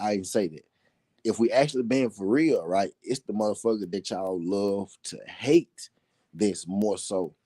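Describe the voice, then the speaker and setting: A man's voice: low voice, mellow, husky, dry recording. A man hosting a live boxing talk show, chatting casually and profanely, reading viewers' comments and asking "you know what I mean?". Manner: reads and answers chat comments.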